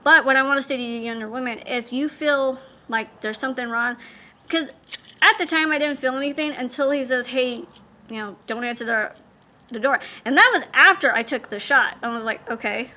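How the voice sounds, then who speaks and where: A woman's voice: sits high, a little fast, pushed and bright. A woman vlogger candidly telling a personal story, blunt and swearing, acting out what people said.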